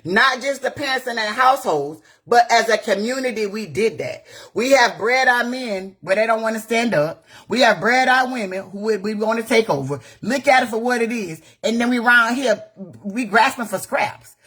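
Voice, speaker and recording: Blunt, husky-voiced woman on a live rant. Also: on the high side, fairly bright tone. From Gainesville, Florida. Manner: blunt, profane, rapid-fire rhetorical questions. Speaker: community activist. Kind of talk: impassioned live-video rant. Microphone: phone on a live video.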